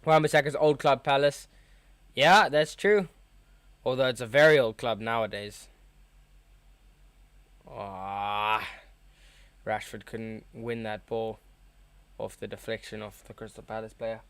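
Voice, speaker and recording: A young man hosting a live football watchalong, reacting to the match with chatty, excitable fan commentary. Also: mid-range voice, measured pace, long pauses, clear, resonant tone.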